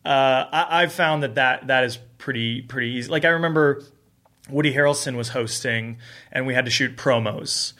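A man in casual conversation as a guest director, telling animated stories and acting out what people said. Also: mid-range voice, moderate pace. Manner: animated storyteller who acts out quotes.

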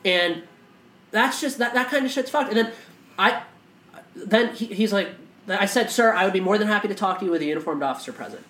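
A man's voice: high-pitched, fairly quick, sharp tone. A man co-hosting a casual podcast conversation, talking with impassioned, profane intensity and frequent restarts. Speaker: podcast co-host. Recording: echoey room.

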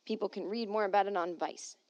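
A woman's voice: mid-range voice, fast talker, dry recording. Sarcastic woman hosting a comedy podcast. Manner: animated, sarcastic asides while reading aloud. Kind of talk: casual comedic monologue. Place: at home.

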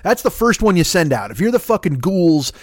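A man's voice: sits high, sing-song, brisk, no room sound, clean studio sound. A man hosting a podcast, ranting in a rambling, profane way and sometimes slipping into voices and scat singing, a bit sniffly from a cold. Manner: rambling, swearing, breaks into impressions and scat singing. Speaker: podcast host. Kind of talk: profane solo comedy rant.

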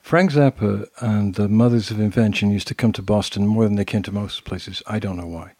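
An older man with a British accent, co-hosting a casual chat and telling anecdotes in an animated way. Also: on the low side, brisk, no room sound, studio quality. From Britain. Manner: storytelling, animated asides. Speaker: co-host.

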